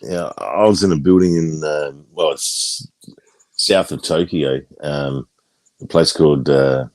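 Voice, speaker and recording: Casting note: very deep male voice, dry close sound, loose rambling anecdote with fillers and swearing. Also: steady tone, a little slow, a little mellow, dry recording. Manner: rambling storyteller, swears casually. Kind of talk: casual chat.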